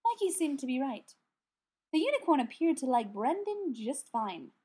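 A woman narrating a fantasy story in an even storytelling manner. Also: high-pitched, moderate pace. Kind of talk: audiobook narration.

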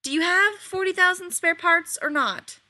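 A woman's voice: high voice, big pitch swings, moderate pace, sharp tone, no room sound, voice pushed up, full character voice. Woman reading as a sarcastic fretful man elf. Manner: exasperated, sarcastic.

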